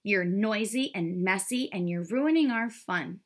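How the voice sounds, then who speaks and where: A woman's voice: medium pitch, a little slow, lightly acted. A woman reading a storybook aloud, voicing a group of rude little ducklings who mock their sibling. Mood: mean. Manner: snippy and mocking.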